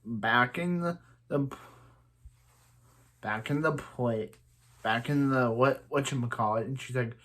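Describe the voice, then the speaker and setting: A man's voice: medium pitch, slow pace, pauses often, fairly bright tone. A man casually recapping a TV episode, rambling with many restarts and "he's like" retellings. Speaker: TV episode reviewer.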